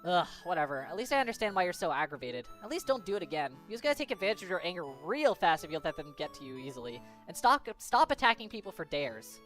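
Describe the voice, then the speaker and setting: A woman's voice: lowish voice, sing-song, quick pace, hardly any pauses, faint music behind. A woman voicing a brash, proud fire creature who flares up when provoked. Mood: grumbling. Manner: brash, defensive outbursts.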